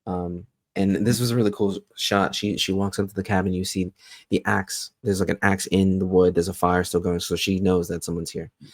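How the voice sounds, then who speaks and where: A man co-hosting a casual TV recap podcast, retelling scenes in a relaxed way with fillers. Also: low voice, brisk, no room sound. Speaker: podcast co-host.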